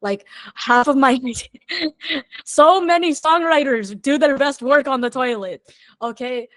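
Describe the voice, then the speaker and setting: A woman songwriter talking as a podcast guest in a candid, chatty way, thinking out loud as she goes. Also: high-pitched, a little slow, no echo.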